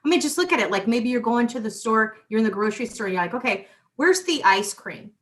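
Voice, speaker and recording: A woman in casual spiritual chat, animated and repeating herself as she talks. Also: fairly high pitch. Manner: animated, repeats words, quick asides; former police worker talking spiritual tools.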